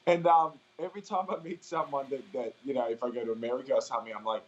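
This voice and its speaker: A man's voice: medium pitch, steady tone, a little hiss or hum. Upbeat young Australian man. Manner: upbeat, chatty, quick to laugh. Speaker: singer, interview guest. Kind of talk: casual interview chat. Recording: slightly dull recording, faint ambience.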